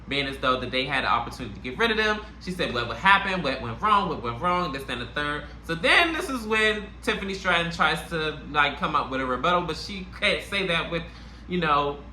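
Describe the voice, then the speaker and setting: A man hosting a casual wrestling review channel, talking in an animated, slangy way with a New York accent. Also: fairly high pitch. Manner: animated, slangy, puts on playful voices. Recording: echoey room, faint noise.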